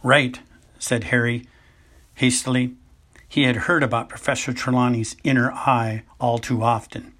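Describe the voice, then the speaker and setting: A man narrating a novel aloud as an amateur audiobook reader, unhurried, with occasional stumbles and self-corrections. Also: medium pitch, level tone, a bit bright.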